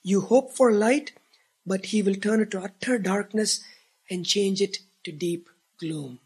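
A man preaching a sermon as pastor, earnest, swelling to emphatic peaks and dropping to hushed tones. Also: high voice, measured pace, slightly rough.

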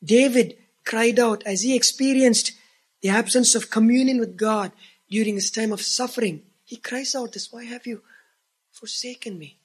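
A man preaching a sermon as pastor, earnest, swelling to emphatic peaks and dropping to hushed tones. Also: very high voice, moderate pace, breathy edge.

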